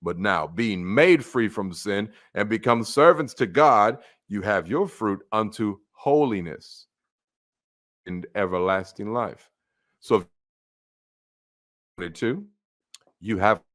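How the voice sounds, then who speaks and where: A man's voice: animated, slow pace, pauses often. Blunt man preaching hellfire. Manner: blunt, mocking, swings from low muttering to loud outbursts. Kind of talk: fiery street-style sermon.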